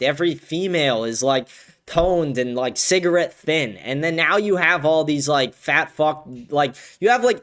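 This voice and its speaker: A young man hosting a casual livestream from home, blunt and profane, ranting and breaking into excited shouts. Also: on the high side. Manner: animated, bursts of excited shouting. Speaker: livestream show host. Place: home, with a dog nearby.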